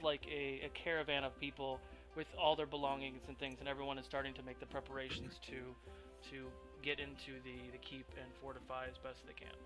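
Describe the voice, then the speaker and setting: A man's voice: mid-range voice, bright, forceful tone. A man narrating as game master of a tabletop role-play, rambling with lots of ums and restarts. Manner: rambling, filler-heavy, self-interrupting.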